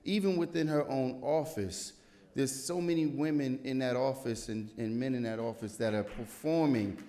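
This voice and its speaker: A man's voice: medium pitch, normal speed. A man, a city councilman, reading an award proclamation at a civic ceremony and breaking it up with joking asides to the audience. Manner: joking, warm-hearted emcee patter between formal reading.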